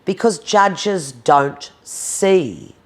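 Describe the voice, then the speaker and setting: Speaking extremely slowly in a fairly low, expressive voice, a fifties-aged domestic violence advocate from New Zealand is being interviewed. She's blunt and emphatic, cursing freely throughout the candid conversation.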